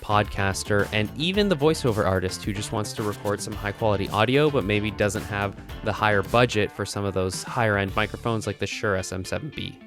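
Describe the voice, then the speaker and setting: A young man in a casual home studio setup, talking through a microphone review in a relaxed, conversational way. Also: on the low side, fairly quick, hardly any pauses, music in the background. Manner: relaxed, conversational, with frequent "kinda" and "like". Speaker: tech reviewer.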